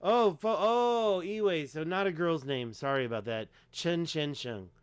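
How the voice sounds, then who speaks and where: The livestream host here is a man with a slightly high, clean, expressive voice, speaking at a moderate pace with no room sound. He rambles emphatically, using many fillers as he clicks through pages.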